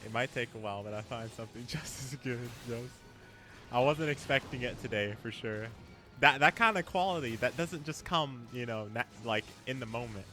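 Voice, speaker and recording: A man's voice: mid-range voice, fairly quick, over music. A man streaming a game, chatting casually with viewers and laughing often. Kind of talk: casual live-stream chat.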